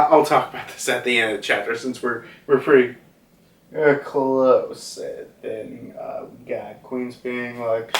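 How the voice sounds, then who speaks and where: Rambling young man recapping slowly. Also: medium pitch, steady tone, a bit bright. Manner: rambling, filler-heavy, acts out dialogue. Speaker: manga reviewer. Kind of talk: casual chapter recap. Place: room at home. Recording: roomy, from a distance.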